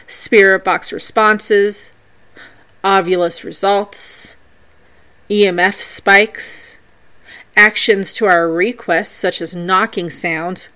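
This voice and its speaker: A woman's voice: medium pitch, smooth. A woman hosting a podcast, telling the stories of her paranormal investigations in a scripted but playful way. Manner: storytelling paranormal investigation accounts, animated and playful. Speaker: podcast host.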